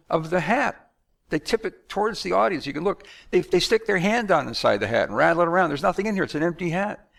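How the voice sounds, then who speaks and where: A man from the United States talking in a conversational monologue, animated and acting out announcers and magicians. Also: mid-range voice, creaky. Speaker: speaker.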